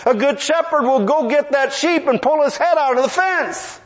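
In an extremely high voice at normal speed, this man delivers a sermon that starts as a funny, animated story and swells into emphatic preaching, with the congregation responding to him.

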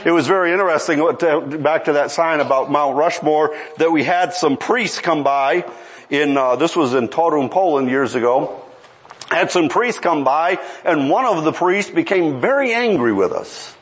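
A man's voice: on the high side, moderate pace. A man preaching a sermon, telling a story and pressing the listeners with rhetorical questions. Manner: animated, rhetorical questions, pleading.

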